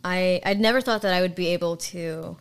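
A woman's voice: fairly low pitch, fairly quick, smooth. A young woman co-hosting a podcast in casual chat, joking in a dry, sarcastic way. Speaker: podcast co-host.

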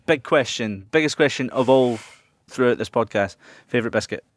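A man's voice: medium pitch, normal speed, dry recording. A man hosting a podcast, jokey and upbeat in casual chat. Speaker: podcast host.

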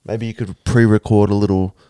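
A man's voice: on the low side, little pitch movement, a little fast, mellow, clear, resonant tone, no room sound. A man co-hosting a comedy podcast, chiming in with short, dry quips in casual chat. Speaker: podcast co-host.

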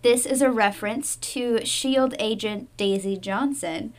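A young woman with a fairly high voice co-hosts a podcast, speaking a little slowly as she chats casually about a TV show. As a veteran viewer, she's playful and giggly, tossing in bits of trivia.

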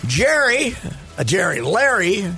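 An older man on a sports talk show, telling stories in an animated way and bursting into loud exclamations. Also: high voice, measured pace, faint music behind. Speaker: sports radio regular. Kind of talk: casual chat.

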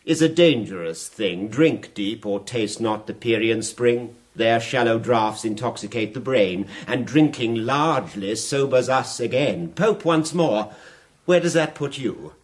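An actor playing a sly, mocking fire captain in a radio drama, quoting verse in a smooth, taunting manner. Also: male voice, medium pitch, expressive, measured pace, natural voice. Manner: silky, taunting, quotes verse at length.

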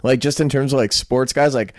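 A young man chatting on a podcast, his sentences loose and packed with fillers. He speaks at an ordinary pitch. The recording is dry and close, with no room echo. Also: steady tone, a little fast. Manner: rambling, filler-heavy, says "like" constantly. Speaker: podcast co-host. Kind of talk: casual chat.

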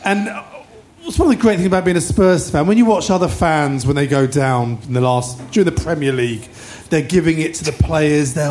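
A man's voice: on the high side, brisk, a little mellow. A man hosting a live podcast, reminiscing with enthusiasm about old football matches. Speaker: podcast host. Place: live show venue with audience.

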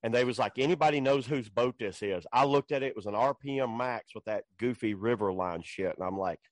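A man's voice: mid-range voice, brisk, dry recording. A man hosting a casual chat, telling stories in a loose, colloquial way, swearing and laughing often. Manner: colloquial storyteller.

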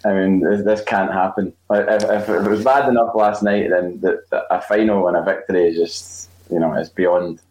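A man's voice: deep voice, steady tone, normal speed, a little mellow. A man chatting as a guest on a football podcast, rambling and laughing at himself. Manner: rambling, laughs often, self-deprecating. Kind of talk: casual football podcast chat. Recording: echoey room with faint noise.

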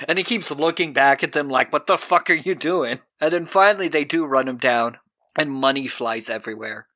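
A man's voice: a little high, fairly quick, pushed and bright, no echo. A young man co-hosting a podcast, retelling a film's plot in casual chat and acting out the characters' lines. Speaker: podcast co-host. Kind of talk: casual movie recap chat.

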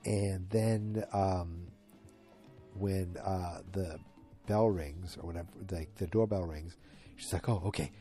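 A man's voice: deep voice, steady tone, takes it slowly, mellow, soft background music. A sleepy, yawning man at home, casually rambling through a recap of a TV episode as a podcast host. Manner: rambling, chatty, full of asides. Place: at home in front of the TV.

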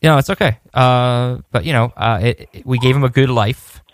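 A man's voice: medium pitch, normal speed, a little hiss or hum. A man telling a rambling personal story in a casual podcast chat, with many restarts and laughs.

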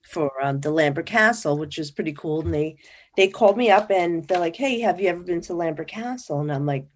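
A woman from New Jersey, a psychic guest in an interview, telling stories in a lively, chatty way and acting out what people said. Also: on the low side, a little fast, a little hiss or hum. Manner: animated, acts out quoted dialogue. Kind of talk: casual interview storytelling.

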